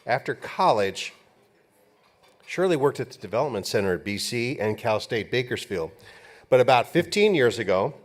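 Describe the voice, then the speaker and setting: Low-voiced man emceeing an awards banquet. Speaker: master of ceremonies. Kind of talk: event emcee introduction. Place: banquet hall.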